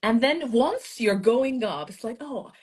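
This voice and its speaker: A woman's voice: fairly high pitch, unhurried, slightly rough. A woman from Iran, a language teacher, explaining her views as a guest in a casual interview over a video call. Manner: explanatory, expressive.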